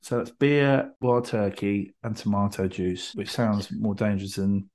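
A man's voice: lowish voice, steady tone, unhurried, a little mellow. A man, co-hosting a casual chat, telling stories with many ums and restarts. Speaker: co-host. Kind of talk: casual chat about whiskey and anecdotes.

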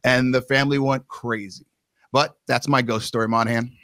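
A man's voice: medium pitch, steady tone, moderate pace, sharp tone, no room sound, clean studio sound. A man hosting a podcast, telling stories in a rambling, casual, self-deprecating way and acting out the quoted lines. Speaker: podcast host. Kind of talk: casual storytelling.

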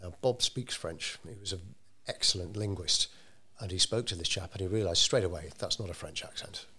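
A man telling a story in an interview, measured and unhurried, with frequent ums and restarts. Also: low-pitched, pushed and bright, slightly rough. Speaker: interviewee telling local history. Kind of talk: conversational storytelling.

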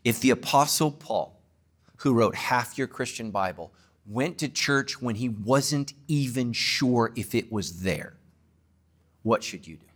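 A man, a pastor, preaching an emphatic sermon to his congregation and closing with a quiet prayer. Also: medium pitch, lively intonation, measured pace.

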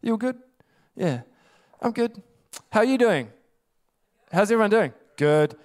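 Man voicing a weary, snarky Jesus parody, high-pitched, put-upon. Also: sing-song, unhurried, a little mellow. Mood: exasperated. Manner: sarcastic, fed-up grumbling.

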